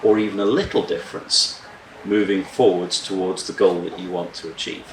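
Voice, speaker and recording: Farmer giving a conference talk, very deep voice, measured and deliberate, echoey hall, distant mic. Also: male voice, fairly even intonation, slight background noise. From Scotland. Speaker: farmer speaker. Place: conference room.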